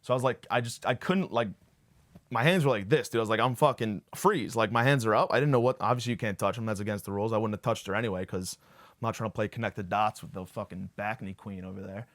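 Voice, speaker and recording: A man's voice: fairly low pitch, quick pace, a bit bright. A young man hosting a podcast, rambling through a profane, self-deprecating comedic monologue. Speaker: podcast host.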